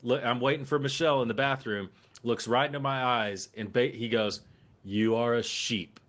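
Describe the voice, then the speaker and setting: A man co-hosting a casual podcast, telling a profane anecdote with lively acted-out quotes. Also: mid-range voice, a little fast. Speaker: occasional co-host.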